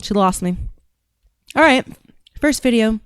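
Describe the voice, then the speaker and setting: A woman's voice: fairly high pitch, animated, a little slow, clean tone, dry recording. A woman hosting a casual political commentary podcast, talking bluntly and rambling, with frequent restarts. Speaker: podcast host and political candidate.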